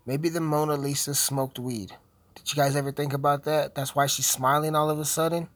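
A young man who is high, rambling through casual commentary while swearing and joking constantly. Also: steady tone, a little fast, fairly bright tone, no room sound. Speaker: video host.

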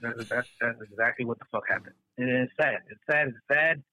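A man co-hosting a casual podcast chat, animated and profane, who acts out the people he quotes in raised voices. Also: medium pitch, a little fast, no room sound, poor audio. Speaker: podcast co-host.

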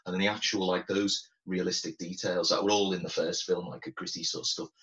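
A man co-hosting a podcast in relaxed casual chat about a film, chuckling, with lots of fillers. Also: low-pitched, brisk, highs cut off. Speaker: podcast co-host.

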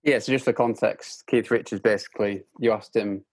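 A man's voice: on the low side, steady tone, brisk, no echo. A man hosting a podcast, chipping in briefly to set up context for his guest. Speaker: podcast host. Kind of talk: casual podcast chat.

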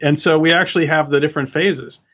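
A male author answering interview questions in an earnest, even way, laying out his ideas step by step. His voice sits a little higher than most men's. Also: fast, breathy edge. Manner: earnest, steady explaining. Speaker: author and guest.

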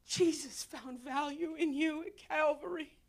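A very high-voiced woman preaches an altar call inside a church sanctuary, full of emotion. Her delivery is slow and deliberate, dropping from tearful cries that are almost shouts into soft whispers.

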